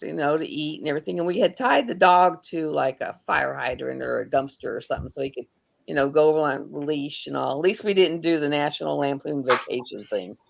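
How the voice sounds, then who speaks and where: A woman's voice: deep voice, vocal fry. A woman hosting a livestream, telling rambling, folksy stories in casual chat. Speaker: livestream host.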